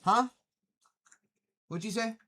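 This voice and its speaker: A man's voice: high voice, slow pace, sharp tone. Brief: male livestream host, mocking tone, swears freely, laughs between jabs. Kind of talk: taunting livestream chat.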